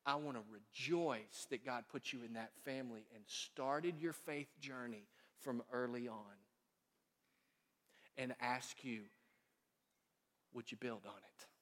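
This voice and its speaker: A man preaching a sermon as pastor in a church sanctuary, folksy and storytelling, growing quiet and earnest. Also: medium pitch, slow pace, pauses often. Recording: long reverb of a church hall.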